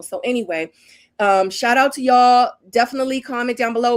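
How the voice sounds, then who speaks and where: A woman's voice: on the high side, brisk. A woman in her forties, a former model, giving a casual, emphatic recap straight to camera, often tagging lines with "okay?" and "honey". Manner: sassy and emphatic, keeps adding "okay?" and "honey". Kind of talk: casual recap chat to viewers.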